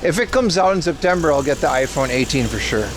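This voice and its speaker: A man's voice: on the high side, lively intonation, fast talker, noisy background. A man hosting a casual outdoor livestream, joking and answering chat questions aloud as he walks city streets. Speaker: livestream host.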